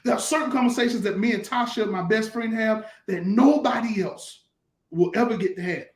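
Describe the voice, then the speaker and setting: A pastor's high voice comes through fairly quick in an echoey room. Teaching conversationally as on a talk show, he tells colloquial stories with emphasis and keeps repeating things.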